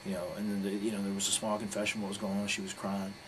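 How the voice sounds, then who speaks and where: A man's voice: lowish voice, fast talker. A man giving a candid interview, telling a story in a blunt, profane, rambling way. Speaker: interview guest, pro wrestler. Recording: steady background noise.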